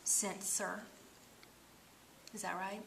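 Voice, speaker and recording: A woman teaching phonics one-on-one, patiently sounding out syllables and often dropping to a soft whisper. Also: mid-range voice, little pitch movement, extremely slow, vocal fry, noisy background. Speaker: reading teacher.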